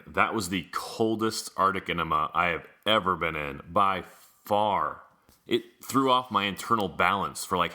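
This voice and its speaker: A man's voice: deep voice, pushed and bright. A man hosting a podcast, giving a casual, wry, matter-of-fact news rundown. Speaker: podcast host.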